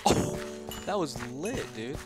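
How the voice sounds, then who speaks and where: Excitable young man over loud music. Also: on the high side, takes it slowly. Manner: excitable, slangy, shouts at the game. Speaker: gaming youtuber. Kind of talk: casual gameplay commentary. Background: loud background music.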